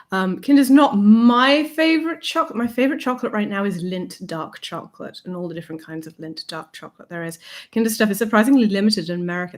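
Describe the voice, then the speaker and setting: Young woman streamer, casual and playful, laughs a lot, answers viewer comments, whispers at times. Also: medium pitch. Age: young adult. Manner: drops to a soft whisper at times. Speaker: livestream host. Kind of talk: casual livestream chat. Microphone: desk mic.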